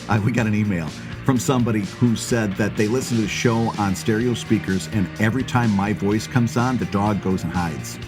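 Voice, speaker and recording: A man's voice: fairly low pitch, brisk, hardly any pauses, over music. A man co-hosting a podcast, chatting casually and rambling through stories with frequent laughter. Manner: rambling storyteller, laughs often. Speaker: podcast co-host.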